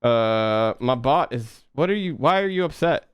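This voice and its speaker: A young man chatting casually with his viewers while coding on a live stream, relaxed and quick to laugh. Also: mid-range voice, clear, resonant tone, no room sound, muffled recording. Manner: laid-back, chatty, laughs often, talks to chat.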